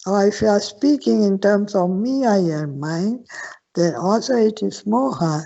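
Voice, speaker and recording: An older woman, a Buddhist nun, teaching at a slow, patient pace with repeated questions and frequent restarts. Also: mid-range voice, lively intonation, vocal fry, dark tone. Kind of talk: Dharma Q&A teaching. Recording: dull lo-fi sound.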